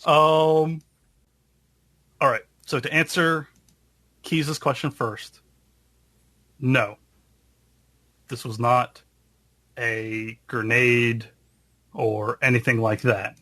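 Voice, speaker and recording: A man runs a tabletop game as game master, describing scenes slowly. He pauses often and fills gaps with ums. His voice sits in a mid range and sounds dry and close. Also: mid-range voice, steady tone, sharp tone, no echo. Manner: halting, filler-heavy narration.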